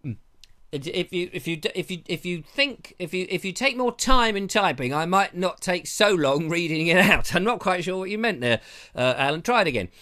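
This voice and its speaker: A man's voice: high voice, animated, normal speed, pushed and bright. A man hosting a live show, chatting casually in a rambling, jokey way and often interrupting himself, on a lavalier mic. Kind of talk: casual live-stream chat.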